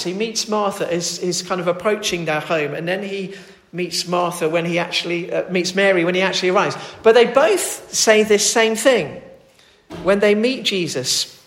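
High-voiced preacher in an echoey hall. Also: male voice, a bit bright. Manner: conversational, earnest, many restarts. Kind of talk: sermon. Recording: roomy echo.

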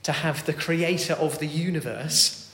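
A man preaching a sermon, earnest, moving between loud emphatic calls and soft, quiet pleading. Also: fairly high pitch, a little slow. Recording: echoey hall with long reverb.

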